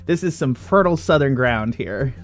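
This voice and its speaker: Casting: a teasing game master from the US South in loose tabletop banter. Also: male voice, medium pitch, lively intonation, moderate pace. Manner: joking, teasing, laughing. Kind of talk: casual tabletop game chat.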